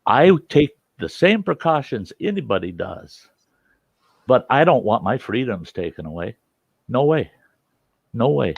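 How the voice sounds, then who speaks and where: Insistent host, man, lively pitch, dry dull sound. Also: unhurried, creaky, long pauses, breathy edge, no room sound. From United States. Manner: forceful, insistent, repeats his points. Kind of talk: heated casual debate.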